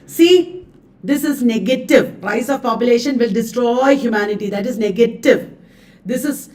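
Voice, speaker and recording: A woman's voice: fairly high pitch, far from the mic. Indian woman teaching, set a bit back. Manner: chatty, laughs often, mixes Hindi words. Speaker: literature teacher. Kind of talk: live online exam coaching.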